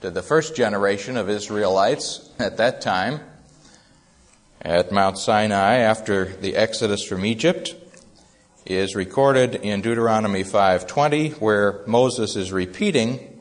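A man preaching an expository sermon, speaking in a measured, deliberate way with frequent pauses. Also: fairly low pitch.

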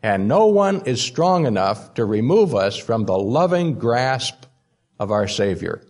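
A man's voice: medium pitch, sing-song, measured pace, a little mellow. A man preaching a sermon, stressing key words by repeating them. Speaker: pastor.

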